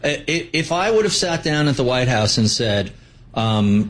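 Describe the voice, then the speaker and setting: A male finance guest with a mid-pitched voice, speaking bluntly with a sardonic edge. He rattles off statistics to make his point. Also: very animated, moderate pace, fairly bright tone, low-quality recording. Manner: blunt and sardonic, lists figures. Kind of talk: interview answers.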